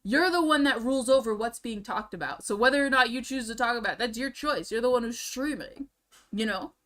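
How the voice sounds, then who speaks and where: A woman's voice: fairly high pitch, fairly quick, a bit bright. A young woman streamer ranting in a casual, profane, exasperated way, repeating herself as she talks from a room at home. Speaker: streamer reacting to drama videos.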